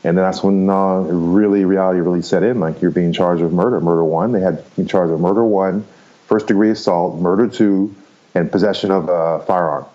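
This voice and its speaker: Man, 50s, podcast guest, very low voice, frank storyteller, muffled audio. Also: steady tone, brisk, mellow. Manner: frank, rambling, laughs easily, swears casually. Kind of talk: candid storytelling interview.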